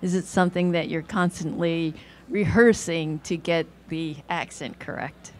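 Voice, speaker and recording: Woman from the crowd asking a question, polite, kinda low voice. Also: fairly even intonation, unhurried, darkish tone, a little hiss or hum. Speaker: audience member.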